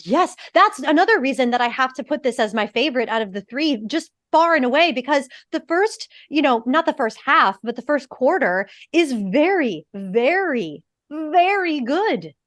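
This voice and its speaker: A woman co-hosting a podcast, chatting casually about a film, gushing and animated, now and then swearing. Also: sits high, normal speed, few pauses, dry recording, clean studio sound. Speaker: podcast co-host. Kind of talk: casual film review chat.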